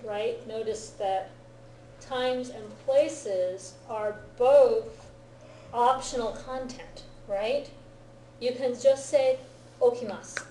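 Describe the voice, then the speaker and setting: Mellow-voiced woman teaching in an echoey classroom. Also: on the high side, slight background noise. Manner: checks understanding often with "right?" and "okay?". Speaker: Japanese language teacher. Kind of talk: classroom grammar lecture. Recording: roomy classroom echo.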